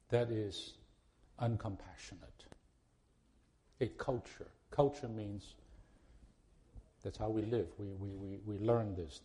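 A man preaches a sermon to a congregation in a fairly low, dark-toned voice. He is earnest and pleading, often restarting his phrases before pressing a point hard, rising to emphatic pleas.

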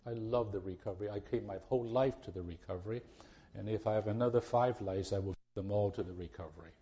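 Preaching to his congregation at a quick pace, this man has a warm voice on the low side. Earnest and pleading, he repeatedly restarts his phrases and then drives his point home with emphatic appeals.

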